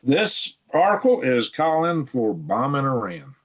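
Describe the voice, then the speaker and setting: Man, middle pitch, casual news commentary, rambling, chuckles, thinks aloud, at home computer. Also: animated, moderate pace, hardly any pauses. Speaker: channel host reading news articles.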